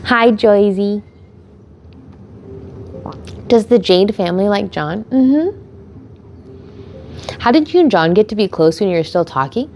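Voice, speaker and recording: A young woman streamer chatting casually with her chat and telling an animated story, full of laughter and filler words. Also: mid-range voice, unhurried, long pauses, slight background noise. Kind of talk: casual chat answering chat questions.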